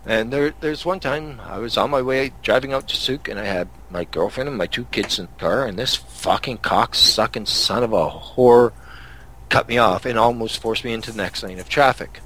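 A man's voice: medium pitch, brisk, few pauses, a bit bright, a little hiss or hum. A man from Canada hosting a podcast, telling angry road-rage stories in a profane, casual rant. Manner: angry, swearing storyteller. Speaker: podcast host.

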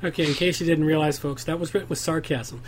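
Male host, fairly high voice, halting casual delivery, talks to listeners. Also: fairly even intonation, slight background noise. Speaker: podcast host. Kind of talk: casual chat, steering segments.

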